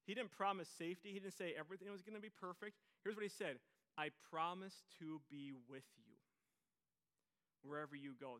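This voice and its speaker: Male pastor, fairly high bright voice, big dynamic swings from loud calls to hushed lines, acts out quotes. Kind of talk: sermon.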